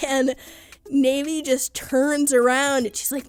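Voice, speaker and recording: A young woman casually recapping and giving her opinion on a cartoon episode, chatty and quick to laugh. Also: high-pitched, dry recording. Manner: chatty, laughs often, quotes characters loosely. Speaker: cartoon reviewer.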